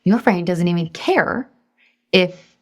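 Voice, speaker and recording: Taking things slowly, this weight loss coach in her forties leads a live online class with an energetic, chatty, encouraging manner that breaks into high, excited outbursts.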